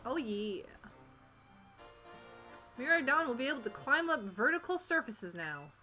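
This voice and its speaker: A woman's voice: high-pitched, sing-song, a little slow, faint music behind. A woman streamer playing through a game, reacting with feeling and reading the game's lines aloud. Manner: emotional, soft and teary at sad moments, giggly. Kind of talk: let's play commentary, reading game dialogue aloud.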